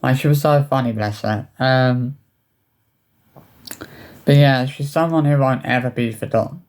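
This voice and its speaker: Halting man telling a personal story. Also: medium pitch, darkish tone. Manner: halting, hesitant, many restarts. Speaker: vlogger.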